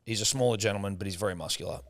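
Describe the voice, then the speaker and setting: A young Australian man co-hosting a casual comedy podcast, telling animated, profane stories and acting out the people in them. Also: fairly low pitch, rapid-fire. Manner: animated, profane storytelling with acted quotes. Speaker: podcast co-host.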